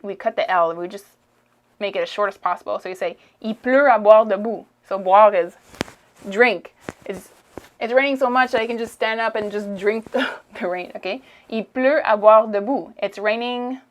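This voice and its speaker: A woman's voice: mid-range voice, steady tone, moderate pace, pauses often. A woman with a Quebec French accent teaching French expressions in a casual lesson, repeating phrases and checking in with "okay?". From Quebec, Canada. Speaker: language teacher.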